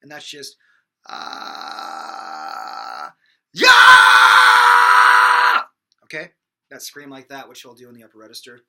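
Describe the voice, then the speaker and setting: A man's voice: mid-range voice, fairly even intonation, fast, heavy background noise. A young man giving a casual, rambling singing lesson, full of fillers and restarts. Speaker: singing teacher. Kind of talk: casual vocal lesson with sung demonstrations.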